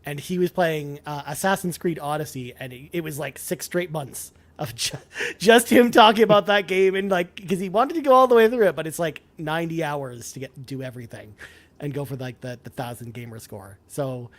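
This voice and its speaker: A man co-hosting a gaming podcast in casual chat, animated and trailing off at phrase ends. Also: fairly high pitch, moderate pace. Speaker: podcast co-host.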